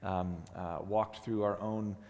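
A hoarse man in his forties, the lead pastor, preaching a sermon in a halting, earnest way with many restarts. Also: on the low side, steady tone, a little mellow. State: hoarse, strained voice. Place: church sanctuary. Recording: long hall reverb.

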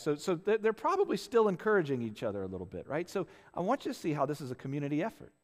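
A man's voice: a little high, very animated, fast, few pauses, big-room sound. A man preaching a conversational sermon as a pastor, earnest, often restarting phrases and checking in with "right?". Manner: earnest, with frequent restarts and tag questions.

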